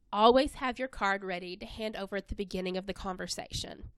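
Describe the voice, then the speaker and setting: A woman presenting an instructional webinar in an even, scripted narration. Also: mid-range voice, dry recording.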